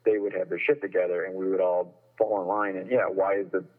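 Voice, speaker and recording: A man's voice: low voice, little pitch movement, quick pace. A man calling in, talking casually and rambling with many restarts as he complains. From Northern California. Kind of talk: casual chat. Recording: tinny phone line.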